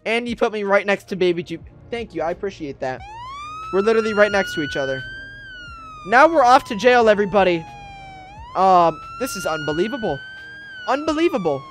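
A man's voice: high-pitched, huge pitch swings, a little fast, a bit bright, soft background music. A man giving roleplay gameplay commentary, dramatic and exasperated, with whiny pleading and complaints. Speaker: gaming YouTuber.

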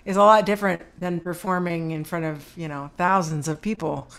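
A woman guest, a singer, telling stories in a casual interview over a video call, animated and laughing often. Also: lowish voice, a little fast. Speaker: guest vocalist.

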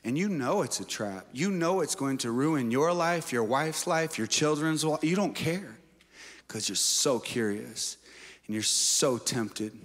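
A male pastor preaching a sermon, moving between shouted exhortations and playful asides. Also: mid-range voice, animated, unhurried, long reverb tail. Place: church auditorium.

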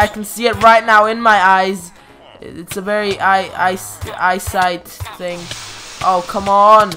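A woman's voice: mid-range voice, flat delivery, pushed and bright, faint music behind. A woman hosting a casual gaming video, playful and teasing, laughing and stumbling over restarts. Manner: playful and teasing, quick giggles, stutters on restarts. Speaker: gaming channel host.

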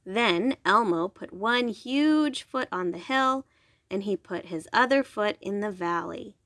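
Slow, gentle woman reading a bedtime story. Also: mid-range voice, expressive, dry recording, studio quality. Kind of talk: bedtime story read aloud.

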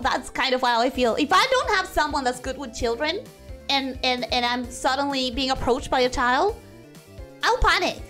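Lively high-voiced woman streamer. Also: moderate pace, soft background music. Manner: rambling, self-interrupting, animated. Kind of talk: casual chat while drawing.

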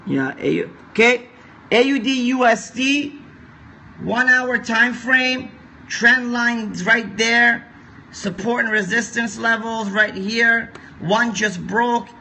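A man with a high, bright voice walks viewers through currency charts on a live stream. He repeats his points and keeps coaxing the audience to share the feed. His tone is crisp and forward, with a raised pitch. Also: slow pace, slight background noise. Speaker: forex trading streamer. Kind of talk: live-stream market analysis.

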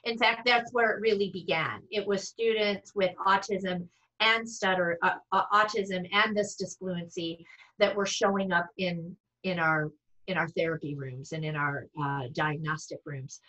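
A woman's voice: lowish voice, fairly even intonation, measured pace, sharp tone, rough recording. A middle-aged woman, a speech-language pathologist, talking casually to fellow clinicians with frequent restarts and self-deprecating asides over a video call.

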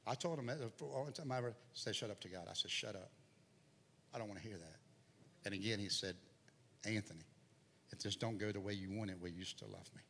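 Bright-voiced preacher in a hall. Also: male voice, on the low side, quick pace, gravelly. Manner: storytelling, voice swells and drops. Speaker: guest preacher. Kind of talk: sermon testimony. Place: church sanctuary. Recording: hall reverb, faint noise.

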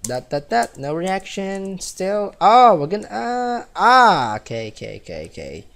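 A man's voice: on the high side, wildly swooping pitch, unhurried, creaky, hardly any pauses, a bit bright. A man from the Philippines casually commentating a game, chatty and giggly, reading the game's text aloud. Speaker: gaming let's-player.

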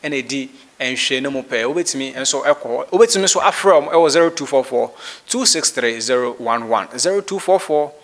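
A man's voice: mid-range voice, expressive, fairly bright tone. A man with a Ghanaian accent hosting a casual discussion, mixing English and Twi with many halts and restarts. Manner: switches between English and Twi, halting. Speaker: host.

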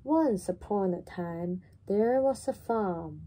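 A woman reading a children's story aloud in a slow, animated, sing-song way. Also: mid-range voice.

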